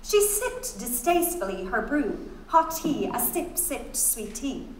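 A woman's voice: sits high, very animated, a little slow, darkish tone. A woman giving a dramatic, rhythmic literary reading on stage. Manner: musical, rhythmic, playing with sounds. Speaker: stage reader. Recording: very echoey hall, distant mic.

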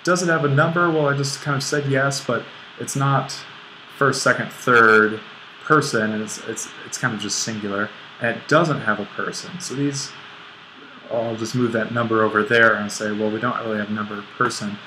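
A Greek instructor teaches a grammar lesson on an on-screen whiteboard, thinking aloud and correcting himself as he writes. His medium-pitched voice is steady, bright, and forceful at normal speed. The rough recording carries a little hiss or hum.

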